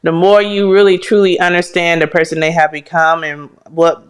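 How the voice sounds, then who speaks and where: A woman's voice: on the low side, level tone, moderate pace. A woman co-hosting a relationship podcast with her husband, speaking candidly and emphatically from personal experience. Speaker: podcast co-host, the host's wife. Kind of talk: casual relationship talk.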